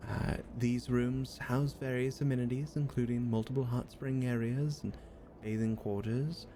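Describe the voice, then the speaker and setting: A man's voice: medium pitch, fairly even intonation, moderate pace, dark tone, a little hiss or hum, close to an everyday voice. A man voicing a courteous elven woman who works at a spa, showing guests around with rambling tour-guide patter. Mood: welcoming.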